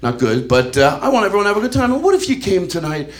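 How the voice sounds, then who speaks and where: A man performing a crude, animated stand-up set, acting out the people in his stories. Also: sits high, quick pace. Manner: animated, acts out characters, crude. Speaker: stand-up comedian. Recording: live club recording with audience noise. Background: audience laughter.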